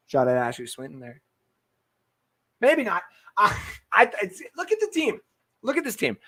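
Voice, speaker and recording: A sports podcast host with a slightly high, sharp-toned voice runs a live-streamed football talk show from his webcam setup. He's brash and hyped, swears freely, and answers viewer comments.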